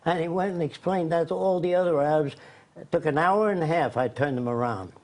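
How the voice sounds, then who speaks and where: A man's voice: on the high side, a little fast, darkish tone. An older man being interviewed, telling long rambling stories and acting out the voices of people in them. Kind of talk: conversational storytelling.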